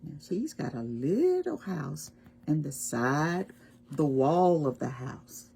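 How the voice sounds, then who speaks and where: A woman reading a picture book aloud to preschoolers, animated and asking the children questions. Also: low voice, takes it slowly, creaky. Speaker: storytime reader.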